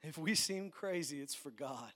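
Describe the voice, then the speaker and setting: A male pastor preaching a sermon, swinging between loud, ringing declarations and low, soft pleading. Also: expressive, moderate pace. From Canada.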